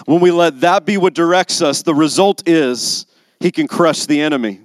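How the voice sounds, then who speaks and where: A man's voice: a little high, moderate pace, dry recording. A man preaching a sermon as pastor, building to emphatic, intense passages. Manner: rising to emphatic intensity on key lines.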